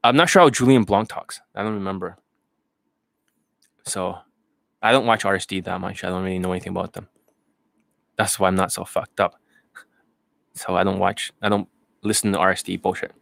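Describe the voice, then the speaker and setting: A man's voice: low-pitched, steady tone, fairly quick, gravelly, pauses often, a bit bright, no echo. A man hosting an improvised livestream, rambling, swearing and laughing as he talks. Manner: rambling, profane, laughing often. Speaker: dating coach, livestream host. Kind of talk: improvised casual livestream chat.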